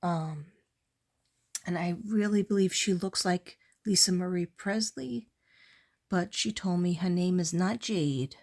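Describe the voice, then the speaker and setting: A tired woman artist talks through her pieces in a casual late-night vlog, her lowish voice drifting along slowly. She meanders from one thought to the next, full of pauses and fillers. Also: a little mellow. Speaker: artist showing her work.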